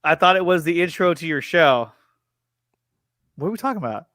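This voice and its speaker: A young man hosting a casual livestream reaction show, chatty and upbeat, reading viewer messages aloud and thanking them, with quick laughs and restarts. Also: fairly high pitch, expressive, a bit bright. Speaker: host of a review and reaction show.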